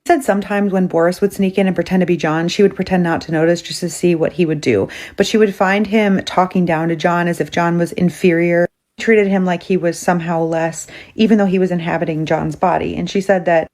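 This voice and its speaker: A woman retelling a strange story in a brisk, conversational way, slipping in quoted dialogue. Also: lowish voice, fairly even intonation, darkish tone.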